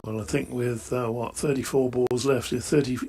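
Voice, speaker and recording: A man's voice: medium pitch, steady tone, normal speed, creaky, darkish tone. A man summarising cricket in a chatty, opinionated way, often asking rhetorical questions. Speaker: expert summariser.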